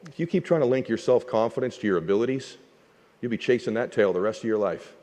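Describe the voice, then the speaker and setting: Guy putting on a hushed deep old mentor voice, gentle and earnest, echoey hall. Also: lively intonation, fast, natural voice.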